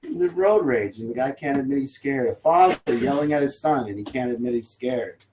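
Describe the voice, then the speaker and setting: A recovery group leader gives an informal talk to his support group, candid and rambling, swearing casually. His medium-pitched voice is warm and lively at a moderate pace, with slight background noise and a roomy echo.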